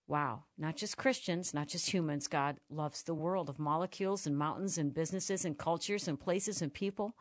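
Earnest low-voiced woman host. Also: normal speed, hardly any pauses, no echo. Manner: earnest, enthusiastic reading and praise. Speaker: radio host. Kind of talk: interviewing an author.

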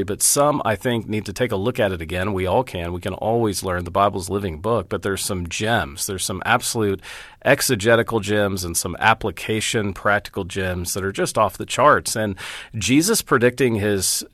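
A man's voice: fairly low pitch, a bit bright, no room sound, studio quality. A middle-aged man, a Bible teacher, speaking as a guest in an interview, earnest and storytelling as he walks through scripture references. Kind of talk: interview conversation.

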